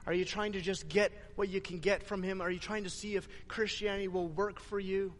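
A man preaching a sermon, retelling scripture in an animated way and pressing the listeners with questions. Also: high-pitched, fairly quick, in a large hall. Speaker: pastor.

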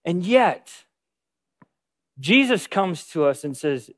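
A man's voice: high voice, big pitch swings, slow, long pauses. A man preaching a sermon, opening with a storytelling anecdote and acting out the lines of the people in it. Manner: storytelling with acted-out quotes. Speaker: pastor.

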